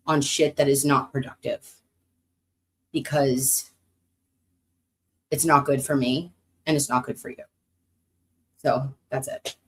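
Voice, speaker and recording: An American woman streaming casually to her chat, animated, cursing freely, and swinging up high when excited. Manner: animated, swearing, talks to chat.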